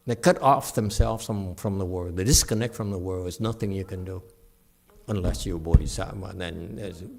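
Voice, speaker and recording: A middle-aged man giving a dharma talk with questions and answers, animated, laughing and acting out quoted voices. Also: low voice, normal speed, vocal fry. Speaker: meditation teacher.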